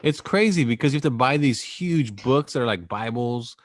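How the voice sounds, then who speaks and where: A man's voice: mid-range voice, animated, normal speed, dry recording. A man hosting a podcast, chatting casually and joking as he wraps up the show. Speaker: podcast host. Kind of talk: casual chat.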